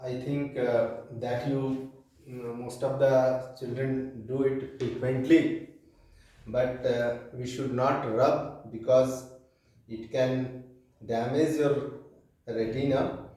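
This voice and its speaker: A man with an Indian English accent teaching a class lecture, reading slowly from a textbook with pauses and fillers. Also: mid-range voice, level tone, dark tone. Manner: slow, reads aloud from a textbook with pauses and fillers. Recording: echoey room from far off.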